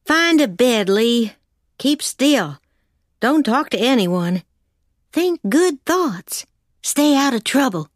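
A man's voice: very high voice, big pitch swings, slow pace, no echo, clean studio sound, voice pushed up, heavily acted. Man doing a lifted female hare voice, dryly scolding; audiobook. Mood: wry scolding. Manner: wry, scolding. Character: dry, sensible female hare companion spirit.

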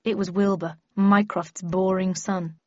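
A woman's voice: medium pitch, level tone, unhurried, no echo. A woman narrating a first-person audiobook in a wry, understated storytelling manner. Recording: dry, slightly muffled lo-fi recording.

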